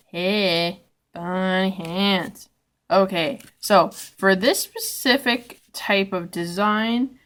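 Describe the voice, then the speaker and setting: A young woman from Canada hosting a casual nail tutorial vlog while sick and in pain, speaking quietly and rambling with many fillers and apologies. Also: lowish voice. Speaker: host of a nail art channel.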